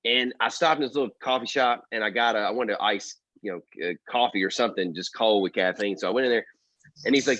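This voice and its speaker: A man in a casual chat telling animated, slangy road stories. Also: lowish voice, quick pace, dry recording, muffled recording. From United States. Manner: animated storyteller, slangy and laughing. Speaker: band member co-hosting a chat.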